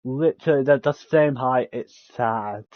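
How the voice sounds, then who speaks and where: A man's voice: mid-range voice, measured pace, no room sound, lo-fi sound. A man streaming a game, reading its dialogue aloud, stumbling over words, restarting lines and laughing between them.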